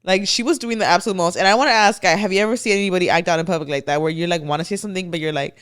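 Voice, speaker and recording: A woman's voice: lowish voice, racing. A woman co-hosting a podcast, gossiping animatedly with lots of "like" and casual swearing. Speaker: podcast co-host. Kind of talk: casual chat.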